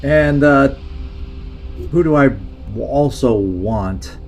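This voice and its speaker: Over faint background music, a man streams a strategy game, thinking aloud as he plans each move. His medium-pitched voice is expressive, slow and somewhat dark, and he talks himself through his ideas in a hesitant, musing way.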